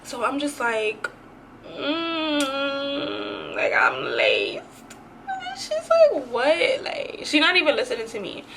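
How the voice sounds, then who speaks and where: A woman's voice: sits high, slow pace, creaky, noisy background. A young woman vlogger telling a dramatic, slangy story in a casual storytime. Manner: animated, slangy, dramatic retelling.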